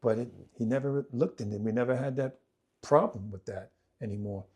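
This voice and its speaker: A man narrates his own life on a podcast at a fairly brisk clip. The telling is vivid and repetitive, dipping from loud, animated peaks into soft, low passages, and he mimics his relatives as he goes in this conversational storytelling.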